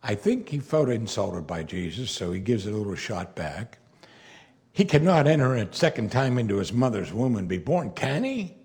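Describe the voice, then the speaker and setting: A man's voice: fairly low pitch, normal speed. A man preaching an expository sermon in a conversational way, now and then acting out the words of the people in the story. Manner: animated, conversational, playfully acts out quoted lines.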